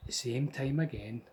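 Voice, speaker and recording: Brief: Scottish man, mid pitch, chatty and meandering, slight hiss behind. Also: poor audio. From Scotland. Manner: rambling, conversational, with restarts. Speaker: storyteller. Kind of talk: casual spoken ghost story.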